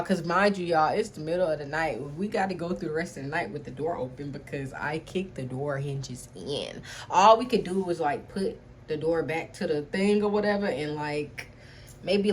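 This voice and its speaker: A young woman telling a personal story to camera in a casual vlog, animated, talking straight to her viewers with a constant "y'all" and swearing freely. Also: fairly low pitch, moderate pace, slight background noise. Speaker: storytime vlogger.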